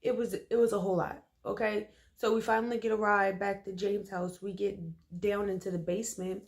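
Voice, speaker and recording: A woman's voice: medium pitch, level tone, a little fast, creaky. Emphatic woman telling a story. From Philadelphia, USA. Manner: emphatic and slangy, with frequent "okay?" asides to listeners. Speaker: storytime vlogger. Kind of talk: casual storytelling to camera.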